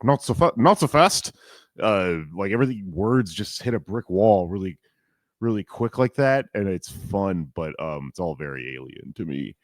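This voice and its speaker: A man in his forties co-hosting a podcast, chatting casually in a rambling, animated and profane way. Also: deep voice, no room sound, studio quality. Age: 40s. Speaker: podcast co-host.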